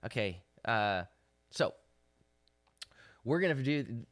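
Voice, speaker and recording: A man's voice: medium pitch, lively intonation, dry recording. Man teaching scripture, dry close sound. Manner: halting with many fillers, rising to forceful emphasis on scripture. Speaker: rabbi leading a daily devotional. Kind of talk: livestreamed Bible teaching.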